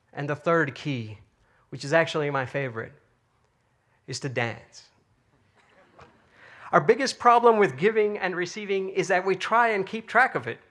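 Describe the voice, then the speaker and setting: A man's voice: high-pitched, a bit bright. Man giving an inspirational talk. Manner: storytelling, conversational, frequent fillers. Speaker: speaker.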